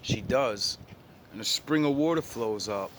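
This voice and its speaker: A man's voice: medium pitch, a little slow, a little hiss or hum. A man casually retelling an old story in his own words, blunt and full of profanity and slang.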